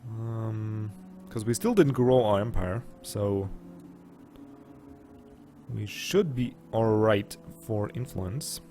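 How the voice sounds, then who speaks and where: A man's voice: on the low side, takes it slowly, dark tone, soft background music. A man with a German accent, casually commenting on a strategy game and thinking aloud with muttered asides. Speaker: let's play gamer.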